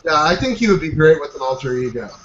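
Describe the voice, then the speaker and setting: A man with a slightly high voice hosts a casual group call, encouraging and upbeat. He fills his talk with plenty of "you know" asides. The call audio sounds dull and roomy, with a faint hiss behind him. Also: very animated, quick pace, fairly bright tone. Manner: upbeat, encouraging, with many fillers. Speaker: host of a marketing coaching group call.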